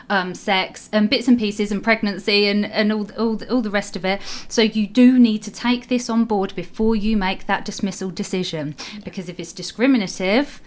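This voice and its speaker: Woman on a work podcast walking through a case step by step, repeats words as she thinks. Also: medium pitch. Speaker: HR adviser and podcast co-host. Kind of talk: casual explanatory chat.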